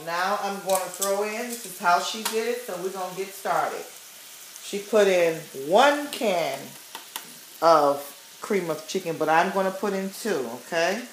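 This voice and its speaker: Slow-talking chatty woman, roomy kitchen. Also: medium pitch, noisy background. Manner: chatty, tags sentences with "okay?" and "you guys". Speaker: home cook vlogger. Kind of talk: casual cooking demonstration. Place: home kitchen. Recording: roomy kitchen with faint sizzle. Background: pan sizzling.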